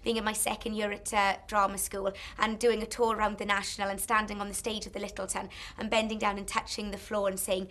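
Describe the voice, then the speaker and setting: A woman's voice: mid-range voice, level tone, quick pace, few pauses, fairly bright tone. Woman, stage actress, earnest anecdotal interview. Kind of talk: casual interview chat.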